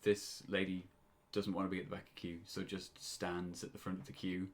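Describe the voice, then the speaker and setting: A man's voice: low-pitched, little pitch movement, fairly quick. A British man in his twenties telling a story on a casual podcast, often breaking into laughter. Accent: British English. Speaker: podcast co-host.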